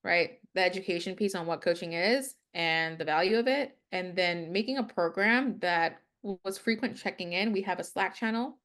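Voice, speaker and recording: A woman's voice: fairly low pitch, normal speed, hardly any pauses, fairly bright tone. A young adult woman, an interview guest who works in people leadership, speaks casually and fills her talk with "like.". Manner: talkative, leans on "like" as a filler.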